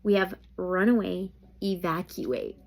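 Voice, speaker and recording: Slow-talking woman reading tarot. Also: on the low side. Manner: animated, exclaiming, thinking aloud. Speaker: tarot reader.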